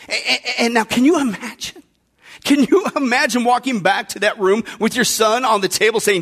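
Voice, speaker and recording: A man's voice: extremely high pitch, a little fast, a bit bright. A man preaching a sermon who keeps putting emphatic rhetorical questions to his listeners.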